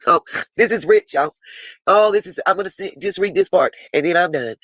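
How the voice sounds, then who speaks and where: A woman's voice: fairly low pitch, animated, a little fast, dry recording, rough recording. Woman, live stream host; blunt, swears freely, reads messages aloud; dry close mic. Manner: chatty, talks back to viewers in chat.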